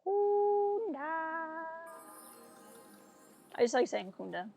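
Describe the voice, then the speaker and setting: A woman's voice: a little high, normal speed, muffled recording, faint music behind. A young woman streamer, chatty and playful, commenting on a video game live.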